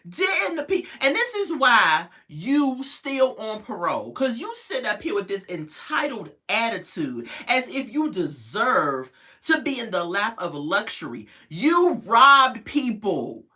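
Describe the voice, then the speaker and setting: A woman's voice: on the high side, slow pace. A woman reviewing a reality show in casual, sassy commentary, acting out what people said. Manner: animated, sassy, acts out quotes.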